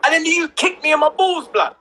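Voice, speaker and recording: A man telling a story in a casual livestream chat, slangy and animated, often checking in with "yeah?". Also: very high-pitched, quick pace, slight background noise.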